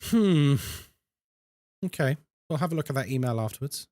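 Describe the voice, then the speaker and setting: A young man streaming a horror game, chatting with his viewers in a jokey, animated way. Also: mid-range voice, normal speed, dry recording. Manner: animated and chatty, reads chat aloud, jokey asides. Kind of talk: casual live-stream chat while gaming.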